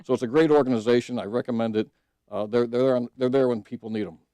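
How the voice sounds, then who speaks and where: A man's voice: medium pitch, fairly even intonation, fast talker, dark tone, no room sound. Earnest middle-aged man, judicial candidate on radio. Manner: earnest storytelling, frequent restarts and fillers. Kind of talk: casual radio interview. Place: radio studio.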